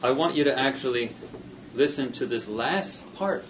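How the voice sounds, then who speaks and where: A man's voice: mid-range voice, normal speed, reverberant, background noise. Man lecturing from across a classroom. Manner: conversational, asks rhetorical questions. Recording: dull distant classroom recording.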